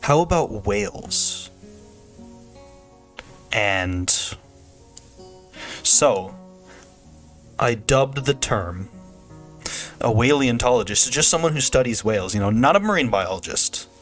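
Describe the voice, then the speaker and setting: A man's voice: medium pitch, lively intonation, slow, long pauses, a bit bright, soft background music. A young man chatting casually on a game stream, rambling and joking with frequent laughter. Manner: rambling, jokey, laughs often. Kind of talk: casual gameplay stream chat.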